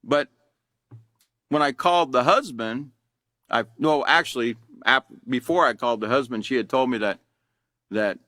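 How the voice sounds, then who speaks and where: A man's voice: medium pitch, normal speed, pauses often, sharp tone, dry recording, clean studio sound. A middle-aged man, teaching an anger management class in a casual, conversational way and asking his students questions.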